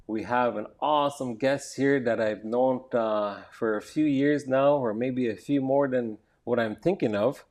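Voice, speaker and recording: A man hosting a live-streamed podcast interview from an indoor arts center, talking casually and haltingly with many fillers. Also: medium pitch, a little mellow.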